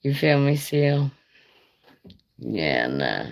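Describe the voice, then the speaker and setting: Woman, middle-aged, extremely low voice, unhurried, casual live-stream storytelling, profane, laughing asides. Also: sing-song, creaky.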